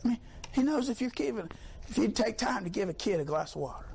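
A man preaching a sermon, fiery, swinging from low talk to high shouts. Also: animated, quick pace, gravelly, slight background noise.

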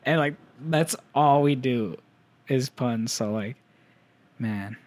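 A man chatting casually on a podcast, excitable and jokey, filling his talk with "like" and "dude". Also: medium pitch, slow pace. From Vietnamese family background.

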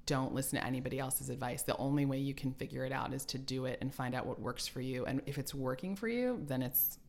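Low-pitched woman in her forties, chatty author guest who laughs often. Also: fast, creaky. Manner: animated storyteller, laughs often. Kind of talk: casual interview chat.

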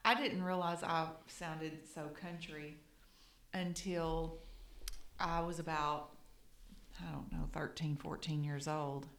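A woman's voice: sits low, level tone, takes it slowly, creaky, pauses often, fairly bright tone, roomy sound. A middle-aged woman with a Kentucky Southern accent, co-hosting a podcast in easy, plain-spoken chat. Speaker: podcast co-host. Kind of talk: casual chat and scripted intro.

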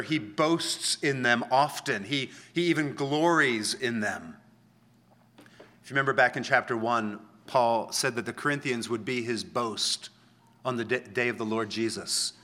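Male pastor, mid-pitched, bright and forceful tone, conversational teaching sermon with slow, emphatic scripture readings.

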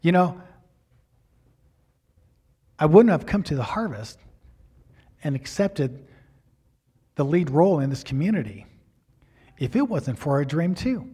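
A middle-aged male pastor telling a personal story in a sermon, animated, acting out the quotes with big swings in loudness. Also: a little high, a little slow, pauses often, breathy edge.

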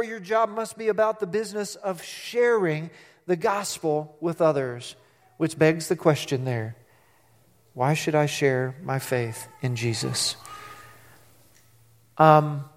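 A middle-aged man, a pastor, preaching a sermon in an animated way, acting out quotes and asking the congregation questions. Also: high-pitched, big-room sound.

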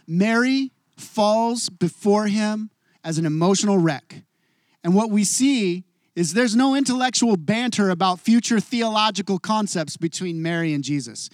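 Male pastor, middle-aged, fairly high voice, dry close recording; expressive sermon delivery that swings from hushed to emphatic. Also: no echo.

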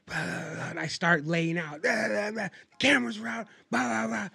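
A man with a high, gravelly voice tells a rambling, profane story in casual chat and acts out every quote. His tone is bright and edgy, and the recording is dry and close. Faint music plays underneath. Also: fairly even intonation, a little fast, few pauses, no echo.

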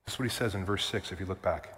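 A man's voice: low voice, rapid-fire, a bit bright. A male pastor preaching a sermon, emphatic and repetitive, with casual asides to the congregation. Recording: long church reverb.

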